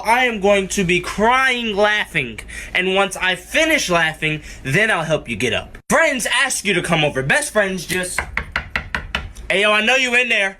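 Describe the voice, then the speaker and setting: A man's voice: sits high, sharp tone, a little hiss or hum. A man giving a playful, teasing comedic monologue.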